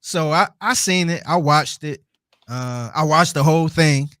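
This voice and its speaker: A man's voice: on the high side, measured pace, sharp tone, dry recording, studio quality. A man co-hosting a podcast in casual chat, telling his view animatedly with laughs between points. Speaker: podcast co-host.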